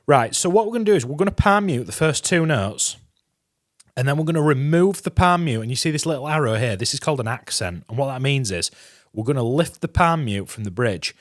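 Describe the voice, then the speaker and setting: Chatty guitar teacher, dry sound. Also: male voice, medium pitch, animated, brisk, no echo. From England. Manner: chatty, encouraging, counts beats aloud. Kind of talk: guitar lesson walkthrough. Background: guitar playing.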